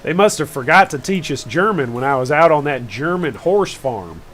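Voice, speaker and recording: A man's voice: fairly high pitch, expressive, normal speed, fairly bright tone, slight background noise. A man streaming a game live, chatting casually and rambling with jokey asides to his viewers. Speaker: gaming streamer.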